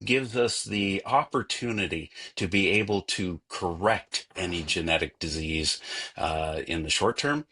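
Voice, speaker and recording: A man with a Canadian accent, a guest in an interview, speaking thoughtfully with frequent pauses and restarts. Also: low voice, bright, forceful tone, slightly rough. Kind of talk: conversational interview.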